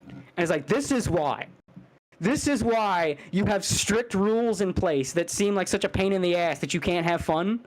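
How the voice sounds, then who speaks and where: A man's voice: high-pitched, moderate pace, low-quality recording. Rambling, foul-mouthed man on a podcast. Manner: rambling, crude, animated rant with mocking put-on voices. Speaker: podcast co-host. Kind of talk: casual podcast chat.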